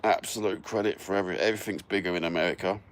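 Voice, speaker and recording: Male livestream host, London accent, low voice, casual sweary banter to viewers over a phone mic. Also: fairly even intonation, racing, slight background noise. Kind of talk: casual chat with live viewers.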